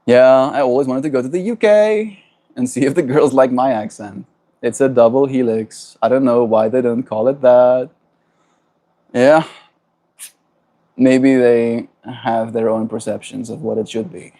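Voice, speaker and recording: Gentle South African man streaming. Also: mid-range voice, measured pace. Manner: gentle, warm-hearted, laughs often. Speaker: livestreamer reading chat. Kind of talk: casual livestream chat.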